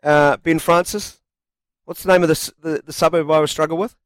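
A man co-hosts a sports radio show in a loose, jokey way. His voice sits a touch high. The studio sound is dry and close. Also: fairly even intonation, fairly quick, no room sound. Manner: chatty, reads quotes aloud, jokey. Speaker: radio co-host. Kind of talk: casual sports radio chat.

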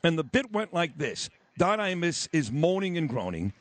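A man's voice: a little high, sing-song, normal speed. A man hosting a live radio talk show, boisterous and joking with a guest. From New York. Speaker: radio host.

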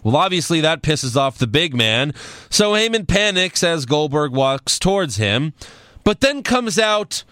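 A man with a bright, lively voice that swings up and down as he walks through the wrestling show. He talks casually and jokes along with his co-hosts. The sound is close and dry. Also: on the high side, measured pace, clear, resonant tone, no echo. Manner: animated, joking storyteller. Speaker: podcast host. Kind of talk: casual wrestling recap chat.

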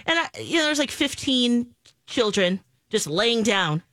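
A woman's voice: on the high side, a little slow, no room sound. Laughing woman radio co-host, dry studio sound. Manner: animated storytelling, laughs often. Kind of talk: casual morning radio chat.

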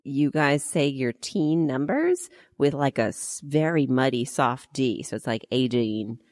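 A woman with a very low voice co-hosts a podcast, animated and self-deprecating. The sound is close and dry. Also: unhurried, dry recording. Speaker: podcast co-host.

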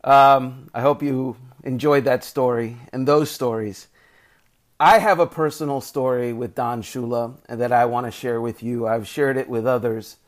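Animated man telling a story. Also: mid-range voice, a little slow. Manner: animated anecdote-telling, acts out quoted voices. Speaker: sports reporter and podcast host. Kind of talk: casual storytelling.

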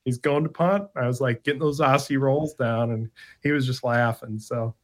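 A man's voice: mid-range voice, normal speed. A man talking sports as a podcast guest, conversational, with frequent "like" fillers. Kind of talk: casual sports analysis chat.

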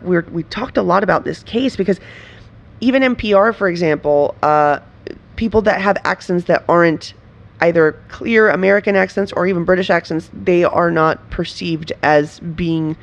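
A woman from Venezuela, a writer and performer, talking in a casual interview with animated, laughing delivery and frequent restarts. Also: on the low side, normal speed.

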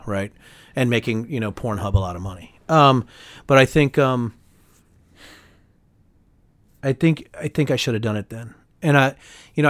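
A man gives a fired-up, rapid interview as a guest, with his voice at a middling pitch. He keeps pressing his points and often tags them with quick questions. The sound is close and dry, with almost no room around it. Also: no echo. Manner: fast, emphatic and heated, many tag questions. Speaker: guest, former congressman. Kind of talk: candid political interview.

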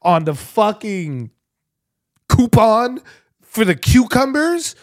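A man's voice: high-pitched, very animated, takes it slowly, no room sound, studio quality. A man from New Jersey co-hosting a podcast at home while sick with the flu, teasing and swearing in casual chat. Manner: teasing, profane, laughing. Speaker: podcast co-host.

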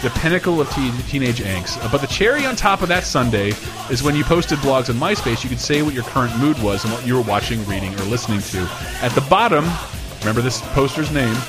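A man in his twenties from Georgia tells stories in a casual, joking podcast chat. His voice sits at a middle pitch, and music plays clearly behind him throughout. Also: expressive, quick pace. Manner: joking, storytelling, laughs often.

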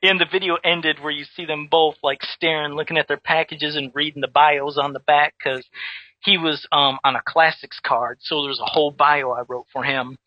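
Man, casual storytelling, animated, restarts often, dry close sound. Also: a little high, moderate pace, dry recording, highs cut off. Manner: animated, with many restarts and repeated words. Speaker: guest who makes custom action figures.

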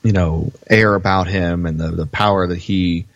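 A man's voice: low voice, fairly even intonation, normal speed, dry recording, lo-fi sound. A man co-hosting a podcast in casual chat, agreeable and a little hesitant with fillers. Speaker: podcast co-host.

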